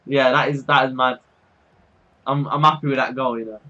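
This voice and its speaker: A young man with a Birmingham accent giving excitable, casual commentary on his football game, shouting and laughing when goals go in. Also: mid-range voice, moderate pace, muffled recording. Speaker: gaming YouTuber.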